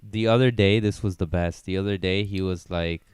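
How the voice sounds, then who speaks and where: A stand-up comedian co-hosting a casual podcast, telling stories in a laid-back, rambling way. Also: male voice, low-pitched, fairly even intonation, moderate pace, darkish tone, smooth, dry recording, studio quality.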